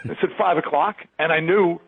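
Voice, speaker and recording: A man in his sixties from Long Island, New York, tells a lively anecdote as an interview guest, acting out the other characters and laughing as he goes. His voice is gravelly and husky and sits fairly high for a man. The sound is dry and thin, as if over a phone line. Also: brisk, no room sound. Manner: animated storyteller who acts out other people's lines and laughs often. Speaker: guest, rock musician. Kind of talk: storytelling interview.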